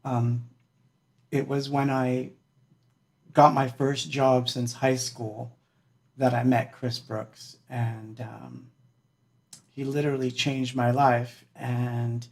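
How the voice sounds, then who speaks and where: A male musician talks to his livestream audience from an indoor room. He rambles casually, full of ums and small laughs, at a medium pitch. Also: darkish tone.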